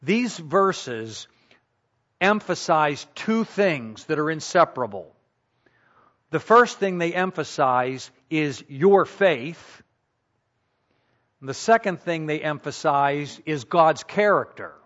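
A man preaching a sermon, teaching slowly and deliberately and repeating key points for emphasis. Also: a little high, lively intonation, a bit bright, highs cut off. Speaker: pastor.

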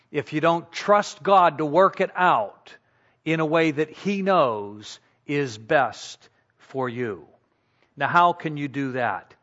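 A man preaching a sermon, teaching slowly and deliberately and repeating key points for emphasis. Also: a little high, a bit bright, dull audio. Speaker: pastor.

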